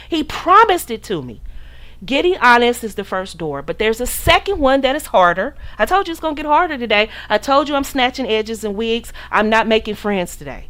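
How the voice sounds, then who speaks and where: A woman's voice: on the high side, fairly bright tone. A woman hosting a livestream podcast, talking straight to her chat in a preachy, direct way, quoting scripture and repeating phrases for emphasis. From United States. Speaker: podcast host and relationship coach. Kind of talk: livestream talk to a chat audience.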